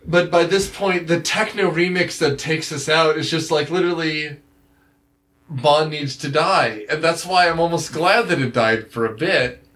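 A man's voice: a little high, measured pace, a bit bright. Sarcastic rambling man reviewing a movie. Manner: sarcastic, rambling, swears freely. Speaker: podcast co-host. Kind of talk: casual movie review chat.

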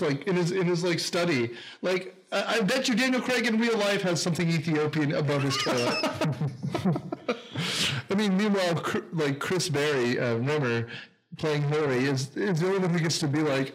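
A man's voice: sits high, expressive, moderate pace, poor audio. A man co-hosting a casual movie commentary podcast, ranting with profanity. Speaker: podcast co-host.

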